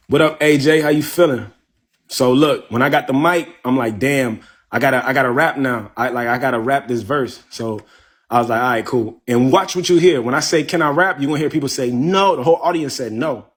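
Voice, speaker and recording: A man's voice: medium pitch, a little fast. A man casually telling a story on his live stream, profane and laid-back, greeting viewers as he goes. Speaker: live-stream host and rapper.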